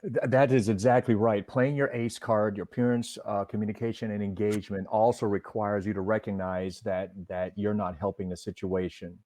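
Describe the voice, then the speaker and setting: A man's voice: on the low side, steady tone, warm tone, dry recording. A middle-aged man, a retired officer and trainer, earnestly explaining de-escalation in an interview. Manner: earnest instructor, measured with filler restarts.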